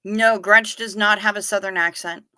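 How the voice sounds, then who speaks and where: Chatty livestream host, woman, bright tone, close and dry. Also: mid-range voice, steady tone, clean tone, no echo. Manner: chatty, reacting to comments with quick asides. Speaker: livestream host reading chat. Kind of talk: casual chat.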